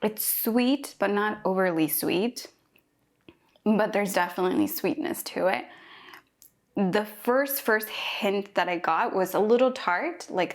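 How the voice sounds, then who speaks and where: A young woman from Mexico, chatty and excited, thinking aloud while tasting a fruit for a food vlog. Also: mid-range voice. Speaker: cooking vlogger. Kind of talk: casual first-impressions tasting vlog.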